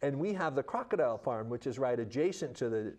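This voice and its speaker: A man's voice: mid-range voice, quick pace. A middle-aged man telling stories in an interview as a children's missionary, acting out the people he quotes. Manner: animated storyteller acting out quotes. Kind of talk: storytelling in an interview.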